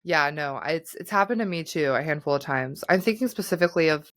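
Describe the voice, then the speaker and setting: Low-voiced chatty woman podcast host. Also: expressive, fast, fairly bright tone, no room sound. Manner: chatty, laughs easily. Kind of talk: casual chat.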